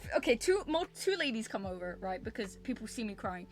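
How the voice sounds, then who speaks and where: Animated young woman streamer telling a story. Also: fairly high pitch, fairly quick, soft background music. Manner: animated, repeats herself, swears freely. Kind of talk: casual storytelling to stream chat.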